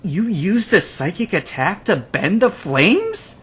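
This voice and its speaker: A man voicing a young, determined male trainer who shouts battle commands. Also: high voice, sing-song, slow, breathy edge, voice pushed up, exaggerated voice. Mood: angry.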